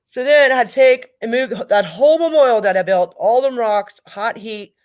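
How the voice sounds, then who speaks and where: A middle-aged woman speaking as a grieving mother in an interview, talking in a halting way and repeating herself. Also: mid-range voice, expressive, a little mellow, faint music behind. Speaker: guest, mother of a victim. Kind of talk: emotional interview over a call.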